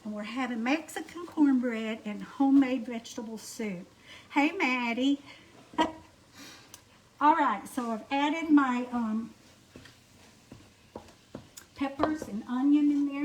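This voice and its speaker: A woman's voice: high-pitched, a little slow, a little mellow. A middle-aged woman with an Alabama Southern accent, chatting folksy and easy while she cooks at home on a livestream and greets viewers by name. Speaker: home cooking livestream host. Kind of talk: casual cooking livestream chat. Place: home kitchen. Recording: noisy kitchen with clattering dishes.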